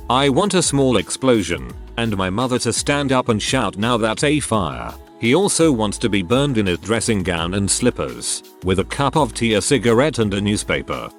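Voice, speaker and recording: Man reading posts over soft music. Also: lowish voice. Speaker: narrator reading online posts. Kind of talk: scripted narration. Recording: faint music underneath.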